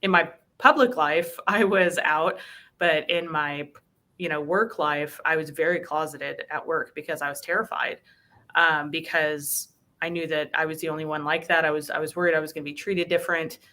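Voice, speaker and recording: A woman speaks earnestly as a guest in an interview, sprinkling her talk with "um" and "you know". Her voice sits a little low yet sounds bright and forceful. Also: fairly even intonation, normal speed. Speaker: bank recruiter. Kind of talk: conversational interview.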